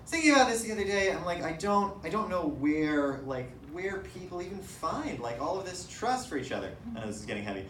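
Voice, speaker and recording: Young man doing lively stand-up comedy. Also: high-pitched, a little fast, few pauses, a little hiss or hum. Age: young adult. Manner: animated, laughing, self-mocking. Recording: echoey room from a distant mic.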